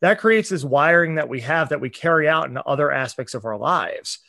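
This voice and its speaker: A man's voice: on the high side, lively intonation, moderate pace, vocal fry, bright, forceful tone, no room sound, clean studio sound. A man co-hosting a podcast, talking in an earnest, impassioned, preachy way in casual chat. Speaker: podcast co-host.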